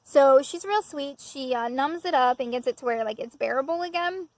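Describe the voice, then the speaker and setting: Woman vlogger, high voice, chatty self-mocking storyteller, recorded outdoors. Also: moderate pace, no echo, poor audio. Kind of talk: casual storytelling.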